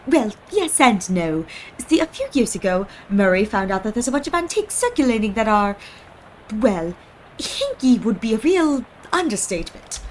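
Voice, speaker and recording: A woman's voice: fairly high pitch, big pitch swings, moderate pace, a little mellow, slight background noise. Casting: chatty young shop clerk in a game, friendly, bouncy intonation, read by a woman streamer.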